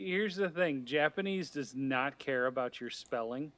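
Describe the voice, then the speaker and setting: A man's voice: mid-range voice, expressive, measured pace, fairly bright tone, no room sound. Man explaining matter-of-factly, dry sound. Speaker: discussion participant. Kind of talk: casual group discussion.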